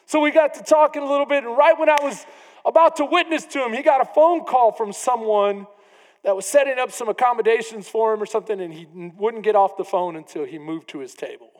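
A man preaching a sermon as pastor, building to shouted emphasis. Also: very high voice, fairly quick. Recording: long reverb of a large hall.

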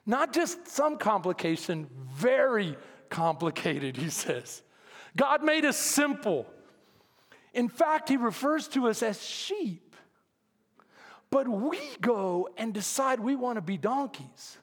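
A man's voice: very high voice, very animated, slow pace. A male pastor with a Texan accent, preaching a sermon with humorous stories and acted-out dialogue, calling for amens. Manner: humorous storytelling, acts out dialogue, calls for amens. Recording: long hall reverb.

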